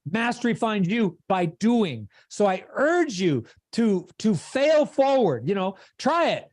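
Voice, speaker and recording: A man's voice: high voice, sing-song, slow pace, hardly any pauses, a little mellow, no room sound, clean studio sound. A man giving a motivational coaching talk on a video call, with an emphatic, preacher-like cadence. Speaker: sales coach.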